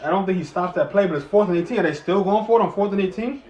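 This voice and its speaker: A man giving live play-by-play and reaction to a football game, excitable, swinging from muttering to shouting and cussing, talking while eating. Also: sits high, racing, roomy sound, highs cut off.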